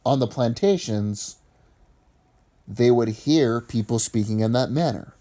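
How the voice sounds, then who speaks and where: A man's voice: medium pitch, dark tone. A man from Appalachia, giving argumentative opinion commentary in a lecturing way. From Appalachian region of the US.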